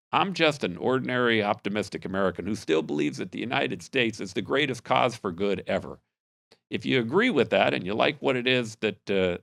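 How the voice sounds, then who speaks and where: A podcast host opens with an earnest, upbeat introduction and then interviews his guests, sounding patriotic and animated. His voice is fairly low and creaky, with no room sound.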